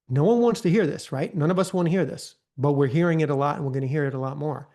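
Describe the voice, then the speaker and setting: A man leading a live training session, talking casually and often checking in with "right?", acting out gentle counselor prompts in a softer voice. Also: a little high, moderate pace. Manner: conversational, often tags lines with "right?". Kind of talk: live online training talk.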